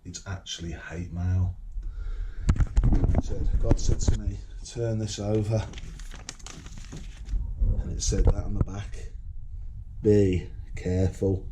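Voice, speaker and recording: A British man with a lowish, warm voice rants to the camera in a rambling vlog, swaggering, combative and swearing heavily. There's a little hiss or hum on the recording.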